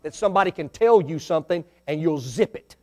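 A middle-aged man with a high-pitched voice preaching from the pulpit. He builds to loud, emphatic lines and falls back to quiet asides, addressing his congregation directly. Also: expressive, brisk. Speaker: pastor. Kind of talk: sermon.

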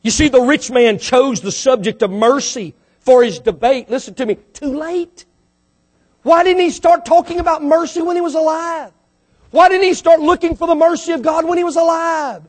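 High-pitched preacher guy giving a sermon, lots of questions, repeats himself, gets fired up. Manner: preaching with rhetorical questions, rising to fervent peaks; repeats words and restarts mid-phrase. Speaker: pastor.

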